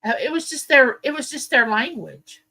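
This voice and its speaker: Bright-voiced chatty Southern woman. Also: high voice, animated, moderate pace. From American South. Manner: chatty, rambling storyteller. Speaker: livestream host. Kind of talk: casual live chat with viewers.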